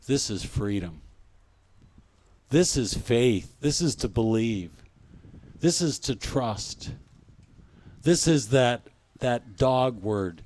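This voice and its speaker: A man giving a spiritual talk at a conference, speaking gently and reflectively and often repeating his phrases. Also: mid-range voice, animated, slow, long pauses, dry recording.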